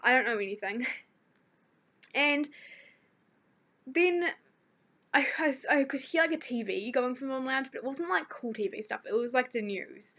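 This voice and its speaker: A woman's voice: high voice, lively intonation, moderate pace, pauses often, fairly bright tone. Chatty teen girl with a New Zealand accent. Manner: rambling, chatty storytelling with fillers. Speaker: vlogger. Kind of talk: casual chat. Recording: dull lo-fi recording.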